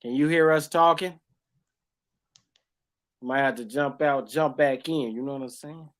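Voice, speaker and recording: A man hosting a casual podcast chat, upbeat and hyping things up with lots of quick responses. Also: mid-range voice. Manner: upbeat hype, lots of backchannel. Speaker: podcast host.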